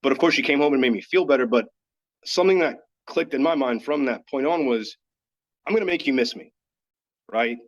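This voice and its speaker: Male podcast guest from Dallas, mid-pitched, earnest storyteller, casual and candid, dull audio. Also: fairly quick. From Dallas, Texas. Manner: earnest, candid, filler-heavy with frequent "like". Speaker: podcast guest, yoga teacher. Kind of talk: personal storytelling in casual chat.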